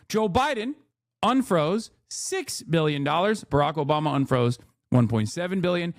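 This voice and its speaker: A young man with a fairly high voice hosts a live political stream from home, scoffing and joking his way through posts in a sarcastic, mocking tone. His voice sits close to a desk mic with a dry, unroomy sound, no echo around it. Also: animated, moderate pace. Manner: sarcastic, mocking, scornful with laughs. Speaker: political livestream host.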